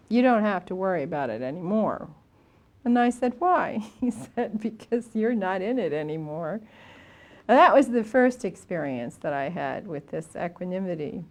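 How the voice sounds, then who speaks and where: Older female Buddhist teacher, slightly high voice, anecdotal dharma talk, halting with fillers. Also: a little mellow. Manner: storytelling, with frequent fillers and restarts.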